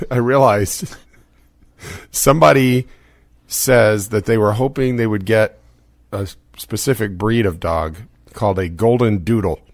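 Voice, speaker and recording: A man's voice: lowish voice, unhurried, long pauses, dry recording. A middle-aged American man hosting a podcast, chatting casually, laughing often and rambling. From United States. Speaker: podcast host.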